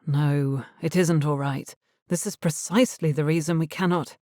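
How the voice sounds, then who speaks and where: Woman narrator doing a brooding young gentleman, low-key, dry close mic. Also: fairly even intonation, normal speed, no echo, close to an everyday voice. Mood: anguished. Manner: tense, self-reproaching.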